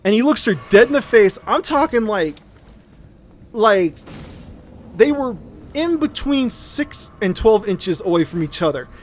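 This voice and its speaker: A man's voice: high-pitched, animated, measured pace, slight background noise. A man streaming a game, telling a long, rambling, profane story in casual chat. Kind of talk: casual storytelling while gaming.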